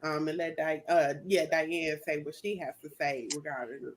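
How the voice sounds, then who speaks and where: A woman's voice: low voice, fairly even intonation, normal speed, slight background noise. A woman co-hosting a podcast, talking casually and reflectively about a favorite song's lyrics. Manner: reflective, chatty, many fillers. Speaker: co-host.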